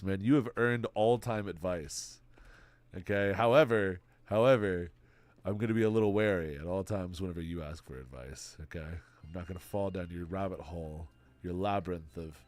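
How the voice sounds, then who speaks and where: Stuffy-nosed young man from Texas. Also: fairly low pitch. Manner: profane, laughing, rambling. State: stuffy nose. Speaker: livestreamer. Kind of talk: casual stream chat.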